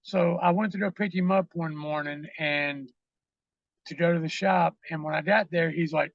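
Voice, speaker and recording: A man's voice: fairly high pitch, steady tone, moderate pace, no echo, lo-fi sound. A man, a podcast guest, telling rambling, profane stories full of fillers in a casual interview.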